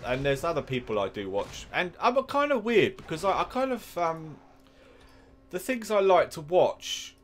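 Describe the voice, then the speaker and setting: A man's voice: on the high side, slight background noise. A man with an English accent giving casual, rambling commentary while playing a game, drifting into chatty asides. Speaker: gaming YouTuber.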